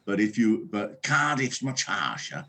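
A middle-aged man, a comedian guest on a podcast, talking in a rambling, animated way with quick asides. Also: on the low side. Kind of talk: casual podcast conversation. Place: on tour in another town, joining remotely.

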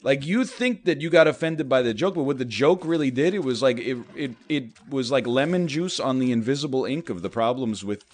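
A show host delivers a rambling, self-deprecating comedic monologue packed with "like," his pitch jumping suddenly when he acts out other people. His intonation is lively and brisk, with hardly any pauses.

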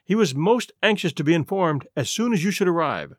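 A man's voice: a little high, animated, brisk, dry recording, clean studio sound. A man voicing a grave, steadfast, gray-bearded British archaeologist who speaks formally.

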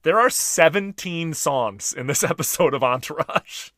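A man's voice: on the high side, animated, measured pace, a bit bright, dry recording, studio quality. Easygoing man co-hosting a chat podcast. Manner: easygoing, frequent short agreements. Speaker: podcast co-host. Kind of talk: casual chat recapping a TV episode.

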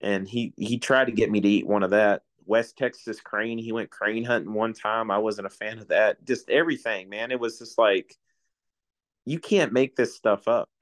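A man's voice: on the low side, moderate pace. A man in his forties, a retiring coast guard officer, telling folksy stories in a casual chat and chuckling often.

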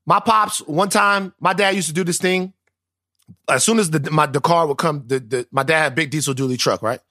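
A man's voice: a little high, a little fast, pushed and bright, no room sound, clean studio sound. A man, co-hosting a podcast in casual, profane, joking banter. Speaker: podcast co-host.

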